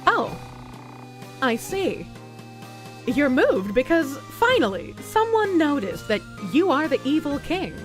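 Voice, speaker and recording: A woman voicing a dry, sarcastic young heroine in a game, speaking low and flat. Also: slow, soft background music, heavily acted.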